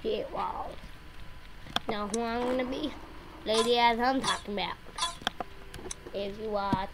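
A woman casually rambling through gameplay commentary, yelping and shouting whenever she loses. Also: a little high, fairly even intonation, unhurried. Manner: rambling, yelps and shouts at game deaths. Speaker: gameplay video host. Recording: loud background noise.

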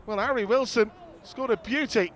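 A man commentating on football match highlights, calm between chances and jumping up loud at goals. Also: moderate pace, a faint crowd. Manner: rises sharply and loud when goals go in. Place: outdoors at a windy football ground.

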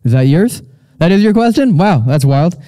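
A man's voice: high-pitched, normal speed, no echo. A young man hosting a live audience Q&A, talking casually and rambling with frequent fillers and restarts. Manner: relaxed and rambling, many fillers and restarts, laughs often. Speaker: show host. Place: stage at a live audience event.

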